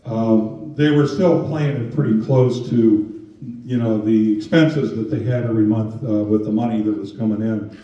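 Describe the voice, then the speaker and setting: A man's voice: fairly low pitch, fairly even intonation, moderate pace, dark tone. A man giving a storytelling talk on scams to an audience in a museum room, conversational, with many fillers. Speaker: presenter on scams. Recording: roomy, distant, dull sound.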